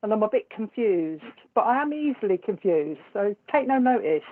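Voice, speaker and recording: A woman's voice: medium pitch, big pitch swings, normal speed. Chatty woman on a tinny line. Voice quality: chatty, laughs often between remarks. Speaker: psychic medium hosting a live stream. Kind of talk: casual live-stream chat greeting viewers. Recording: tinny phone-like sound.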